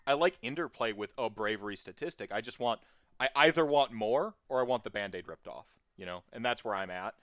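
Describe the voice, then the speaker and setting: A podcast guest talking in a casual, rambling way, animated and full of tangents and fillers. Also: medium pitch, brisk, no room sound, studio quality.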